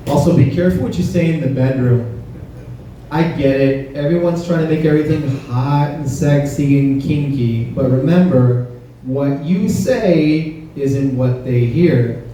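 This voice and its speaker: A male comedian works a club crowd with a punchy, conversational set, his voice mellow and a little high. The recording is distant and boomy, with long room reflections. A faint background hiss sits under it all. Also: unhurried, very echoey. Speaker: stand-up comedian.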